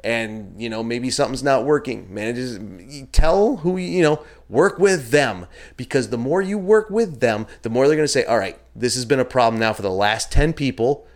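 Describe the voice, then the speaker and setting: A man hosting a podcast in a casual, rambling monologue, cursing now and then and jumping up in pitch when he gets worked up. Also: moderate pace, few pauses. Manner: chatty and rambling, swears freely, animated pitch jumps. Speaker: podcast host. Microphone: filmed talking to a camera with a monitor.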